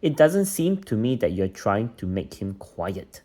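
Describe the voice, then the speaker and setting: A father voicing a quiet, fussy old grandmother who dislikes noise. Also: fairly low pitch, big pitch swings, a little slow. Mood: fretful.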